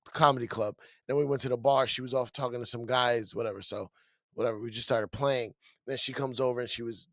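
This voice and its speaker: A man's voice: medium pitch, no echo, clean studio sound. A man in casual podcast banter, cracking crude jokes and telling road stories. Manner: joking, crude quips. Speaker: comedian podcast co-host.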